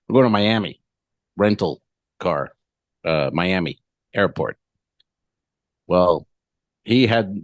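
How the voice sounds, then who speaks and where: A man with a lowish voice tells a rambling story on a comedy podcast, acting out both sides of the conversation. He swears freely and keeps it loose. The sound is dry and close, with no room around it. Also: dry recording. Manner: profane, storytelling, acts out both sides of dialogue. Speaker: podcast co-host. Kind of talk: casual comedic chat.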